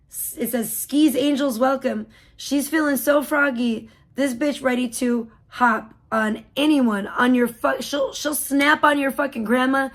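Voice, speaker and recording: A woman's voice: high-pitched, fairly bright tone. A woman hosting a livestream, giving profane, mocking commentary. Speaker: livestream host. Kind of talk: live stream commentary.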